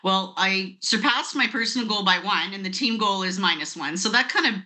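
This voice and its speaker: A woman speaks on a conference call in a bubbly, talkative way and laughs easily. Her voice is very bright and carries at a middle pitch for a woman. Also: brisk. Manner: chatty and bubbly, laughs often. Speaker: guest distributor on a call. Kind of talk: casual conference call chat.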